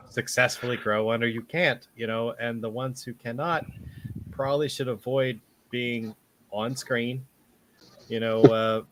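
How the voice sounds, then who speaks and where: A man co-hosting a podcast in relaxed, rambling casual chat full of fillers. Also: mid-range voice. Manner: laid-back, rambling with fillers. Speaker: podcast co-host.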